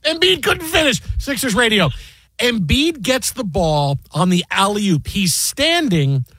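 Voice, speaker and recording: A man with a high, husky voice co-hosts a sports talk show, loose and mocking. He riffs in an exasperated, animated way, often acting out what players say. The sound is close and dry, straight into a studio mic. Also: unhurried, dry recording. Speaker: sports radio co-host.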